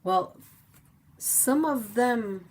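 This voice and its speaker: Slow, giggly woman chatting on a livestream. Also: on the high side, expressive, a little hiss or hum. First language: French. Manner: rambling, playful, giggly, self-mocking. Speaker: livestream host. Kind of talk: casual chat while painting.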